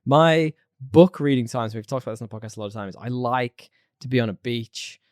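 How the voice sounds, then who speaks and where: A man co-hosting a podcast in casual chat, animated and laughing often. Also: medium pitch, a little fast, no echo, studio quality. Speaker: podcast co-host.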